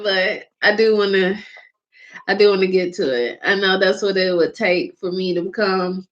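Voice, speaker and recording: Female host from Georgia with a Southern accent, mid-pitched, unhurried, chatty and laughing, on a muffled low-fi recording. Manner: rambling, laughs often, drawn-out words. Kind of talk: casual chat.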